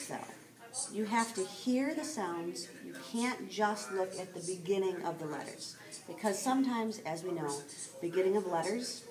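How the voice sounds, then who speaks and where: A woman teacher giving a recorded lesson, explaining step by step and speaking straight to her students. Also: lowish voice.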